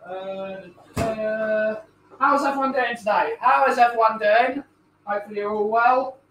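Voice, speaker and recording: A man's voice: sits high, a little slow, a bit bright, slight background noise, low-quality recording. A tired man, hosting a casual livestream and chatting as he reads out viewers' greetings. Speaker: livestream host.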